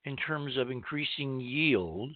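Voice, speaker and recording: A man's voice: medium pitch, animated, takes it slowly, dry recording, narrow, tinny audio. A man hosting a talk show, interviewing a caller and explaining ideas in a conversational way. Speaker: host.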